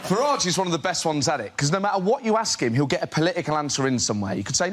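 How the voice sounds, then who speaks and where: A man doing lively stand-up in a TV studio, mimicking politicians. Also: a little high, racing, a little hiss or hum. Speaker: comedian. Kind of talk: stand-up routine. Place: TV studio with a live audience.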